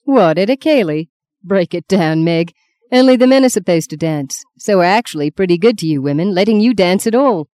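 A woman's voice: lowish voice, lively intonation, a little fast, warm tone, dry recording, clean studio sound, natural voice. A woman reading an audiobook, voicing a young husband who cajoles and sulks by turns. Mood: teasing. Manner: wheedling, then stiffly offended. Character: young male husband, coaxing and self-serving.

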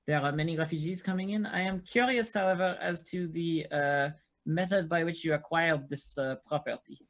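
A tabletop game player voicing their character with formal, measured questions. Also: mid-range voice. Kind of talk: in-character role-play with out-of-character chat.

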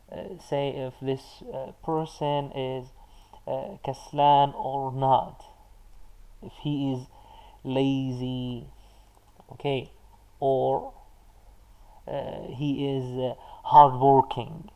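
Mellow, halting male language teacher. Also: mid-range voice, poor audio. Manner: patient, halting explanations with frequent "uh" fillers. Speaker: Arabic teacher. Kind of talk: live online lesson answering chat comments.

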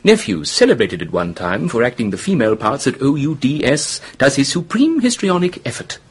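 An actor playing a charming, flippant young English gentleman who talks in a breezy, theatrical, mocking way. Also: medium pitch, sing-song, a little fast, husky. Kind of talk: radio drama acting.

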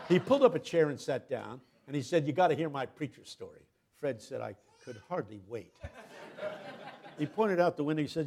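Gravelly older man preaching a story. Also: mid-range voice, animated, a little fast, slight background noise. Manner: dramatic storyteller, swings from hushed to loud, acts out quoted voices. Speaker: guest preacher. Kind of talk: storytelling sermon.

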